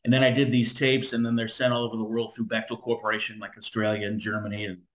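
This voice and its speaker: A man's voice: lowish voice, fast. A middle-aged man from Southern California, a former radio DJ, telling stories as an interview guest and acting out the voices of the people in them. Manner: animated, acts out voices in his stories. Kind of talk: casual storytelling.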